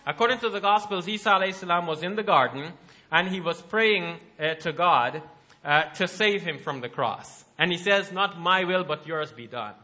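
A man lectures an audience in a hall, animated and rhetorical, building his case through questions. His voice sits high and sounds bright and forceful. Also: moderate pace. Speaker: Islamic lecturer.

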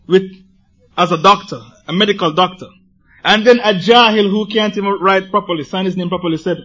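Forceful high-voiced male preacher. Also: brisk, muffled recording. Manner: animated, rhetorical questions, acts out quotes. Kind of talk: sermon to a congregation.

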